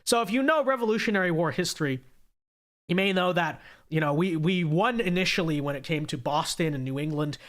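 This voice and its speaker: Stuffy-nosed guy with a high voice, ranting on his stream, sarcastic and repeating himself. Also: animated, fairly quick, a bit bright. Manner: emphatic, repetitive, sarcastic. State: congested. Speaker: host of a political livestream. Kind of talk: ranting political commentary.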